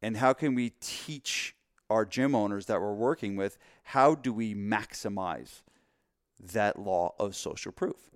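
Podcast co-host, male, lower pitch, lively storyteller who acts out voices, dry studio sound. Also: unhurried, no room sound. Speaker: podcast co-host, gym marketing coach. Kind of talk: casual podcast chat.

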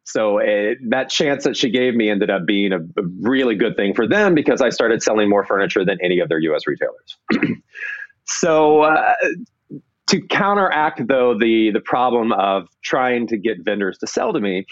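A man with a fairly low voice recounting his business past in a loose, rambling way, often restarting and acting out what others said. The sound is dry and a bit dull, like a modest lo-fi setup. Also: animated, normal speed, dry recording. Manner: rambling, restarts, acts out quoted people. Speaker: entrepreneur guest. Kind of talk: casual storytelling interview.

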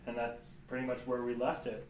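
A man's voice: mid-range voice, monotone, brisk, reverberant, far from the mic, slight background noise. A man recapping a tabletop game, casual and matter-of-fact. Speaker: player.

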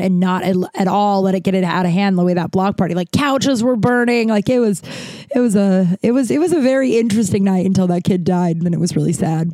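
A woman's voice: on the low side, no echo. A woman in her thirties casually telling a long personal story, rambling and swearing, with many restarts and fillers. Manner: rambling, profane, animated retelling with many likes and restarts.

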